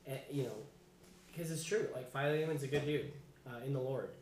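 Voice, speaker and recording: A man's voice: medium pitch, normal speed, darkish tone. A man leading an informal Bible study class, casual and chatty, often restarting his sentences. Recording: echoey room, faint background noise.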